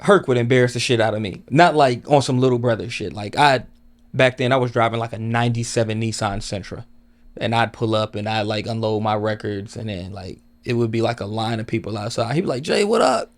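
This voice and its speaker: A man's voice: lowish voice, brisk. A man from Chicago, a guest DJ, telling stories in a casual chat and acting out the lines of the people in them. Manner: animated, acts out quotes. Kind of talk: casual storytelling.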